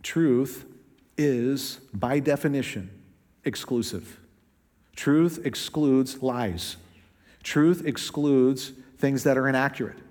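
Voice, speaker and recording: A male pastor preaching a sermon in a conversational way, acting out quotes with shifting pitch and pace. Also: darkish tone, big-room sound.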